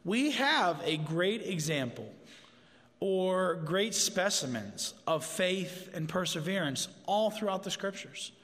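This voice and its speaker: Male preacher, slightly high voice, casual conversational delivery with jokey asides, long church reverb. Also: lively intonation, slow, fairly bright tone. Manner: informal, with asides and humor. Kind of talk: conversational sermon. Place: church sanctuary.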